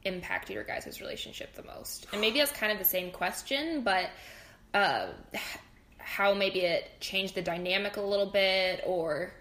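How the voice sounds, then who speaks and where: A woman hosting a podcast interview, asking questions in a chatty way with lots of fillers and gentle hedging. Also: medium pitch, moderate pace, a little hiss or hum. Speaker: podcast host. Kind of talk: casual interview chat.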